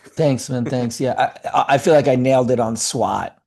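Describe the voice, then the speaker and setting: A middle-aged man, an actor and acting coach, talking in a casual interview, animated and fast, with many fillers and restarts. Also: medium pitch, gravelly.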